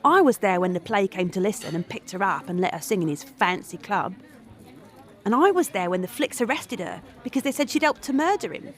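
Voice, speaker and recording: A woman's voice: medium pitch, expressive, a little fast, lightly acted. A woman voicing a blunt, world-weary young woman who speaks bitterly, yet tenderly at times, in a radio drama monologue.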